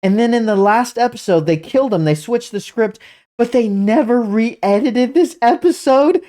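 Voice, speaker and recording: Excitable woman stammering in disbelief. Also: a little high, moderate pace. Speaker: channel host. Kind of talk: excited reaction commentary.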